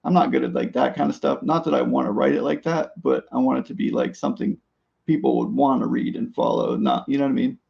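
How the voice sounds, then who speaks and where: Gravelly man on muffled audio. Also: mid-range voice, steady tone, fast talker. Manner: hesitant, filler-heavy. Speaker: podcast guest. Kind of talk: casual conversation.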